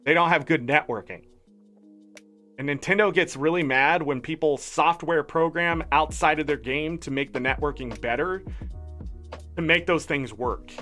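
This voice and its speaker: A man streaming games, ranting in casual chat with animated, indignant talk. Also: fairly high pitch, moderate pace, faint music behind. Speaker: gaming streamer.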